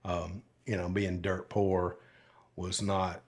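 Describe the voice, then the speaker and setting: A man's voice: sits low, little pitch movement, takes it slowly. An older man, a retired deputy telling stories from his life in a casual, folksy, rambling way. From Alabama. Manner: folksy, rambling, with many fillers and asides. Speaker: podcast guest, retired sheriff's deputy. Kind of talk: casual storytelling interview.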